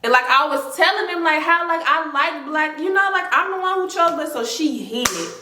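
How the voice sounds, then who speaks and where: A woman's voice: high voice, moderate pace. Slangy woman telling a story. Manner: animated, slangy, full of "like" fillers and exaggeration. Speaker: storytime vlogger. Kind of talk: casual storytelling. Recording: echoey room.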